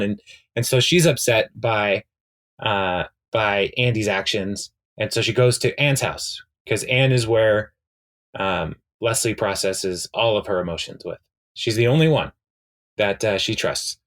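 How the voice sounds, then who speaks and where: A man's voice: fairly low pitch, a little slow, fairly bright tone. A man co-hosting a podcast, recapping a TV episode in casual chat, rambling with many fillers and quoting the characters' lines as he retells scenes. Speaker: podcast co-host.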